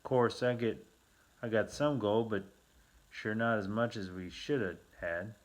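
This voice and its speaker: A man's voice: on the low side, measured pace, pitched above the performer's own voice, close to an everyday voice. A man doing a whiny frontier mill man. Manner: whiny drawl with rough frontier slang.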